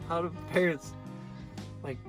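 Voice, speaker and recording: A man's voice: fairly high pitch, measured pace, a bit bright, soft background music. A man chatting casually off camera, joking and laughing loosely. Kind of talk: casual chat.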